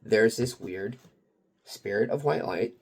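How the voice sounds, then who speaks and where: A man's voice: lowish voice, slow, gravelly. A man rambling through a confessional personal story in a casual, loose way, with lots of fillers and some swearing. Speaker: kratom vendor and channel owner.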